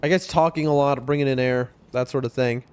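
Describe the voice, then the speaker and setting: A young man streaming a game, chatting excitably to his viewers as he plays. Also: medium pitch, fairly quick, smooth. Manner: chatty, excitable, often addresses chat. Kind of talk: live gameplay commentary to chat. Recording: faint music behind voice.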